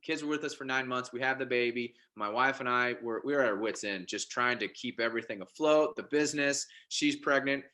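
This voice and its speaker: Male guest, forceful bright tone, animated, stumbles and restarts, casual story. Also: medium pitch, brisk, few pauses. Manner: animated, with frequent restarts and repeated words. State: married father. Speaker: podcast guest.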